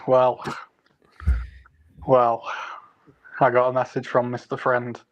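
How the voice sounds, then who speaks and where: A man's voice: mid-range voice, completely flat delivery, slow, highs cut off. A man, teasing his friends in casual stream banter. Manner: cheeky, teasing, ends lines with "mate". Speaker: co-host.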